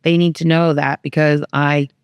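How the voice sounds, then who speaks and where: Middle-aged mom, podcast co-host: lowish voice, dry close mic, lively storyteller who acts out every quote. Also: female voice, moderate pace, clear, resonant tone, no room sound. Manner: animated storyteller, acts out quotes with big pitch jumps. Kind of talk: candid family conversation.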